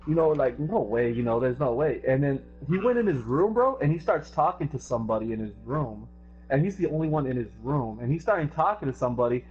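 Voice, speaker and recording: A young man hosting a casual podcast talk, telling animated stories and saying bro a lot. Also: fairly high pitch, quick pace. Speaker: streamer and podcast host. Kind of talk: casual chat, storytelling. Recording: dull lo-fi stream audio. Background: faint music.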